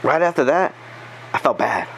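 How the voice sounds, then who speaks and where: A man telling a story in a casual podcast chat, animated, swearing and acting out the quotes. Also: mid-range voice, moderate pace, creaky, a little hiss or hum, rough recording. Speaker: podcast guest.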